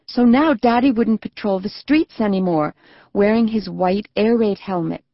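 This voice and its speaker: A woman narrating a children's audiobook in a gentle, even storytelling manner. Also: medium pitch, moderate pace, no room sound, lo-fi sound. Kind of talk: scripted narration.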